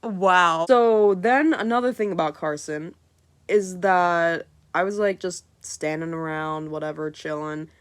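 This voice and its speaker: A woman's voice: on the low side, measured pace, clean tone. A young woman vlogger casually telling a story, swearing freely and acting out what people said. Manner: animated, swears freely, acts out quotes.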